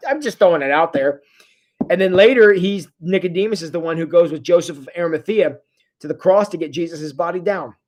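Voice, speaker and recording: A pastor giving a casual, joking livestream sermon and reading viewer comments aloud, often stopping and restarting mid-sentence. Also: medium pitch. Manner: jokey, conversational, halting restarts. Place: church.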